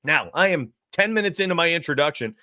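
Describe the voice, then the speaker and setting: An excitable man hosting a live sports betting show, talking straight to his chat with lots of hype. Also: fairly high pitch, fast, dry recording, studio quality. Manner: excitable, hype-driven, addresses chat directly. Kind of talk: energetic live-stream betting talk.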